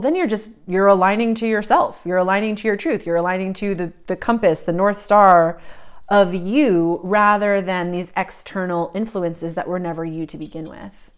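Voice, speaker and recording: A woman giving a psychic reading, talking in a searching, meandering way with many fillers, often drifting soft and reflective. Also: fairly low pitch, vocal fry. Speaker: psychic reader.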